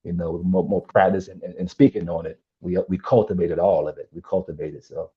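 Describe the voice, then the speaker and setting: A man's voice: deep voice, steady tone, brisk, breathy edge, lo-fi sound. A man in a casual spiritual discussion, speaking in a rambling, reflective way with many fillers. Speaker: co-host.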